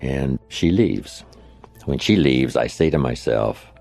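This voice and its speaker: Very deep gravelly older male speaker. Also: expressive, slow pace, a little mellow, faint music behind. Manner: anecdotal, conversational, with tag questions. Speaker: motivational speaker. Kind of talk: storytelling speech. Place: lecture setting, played from an archive recording.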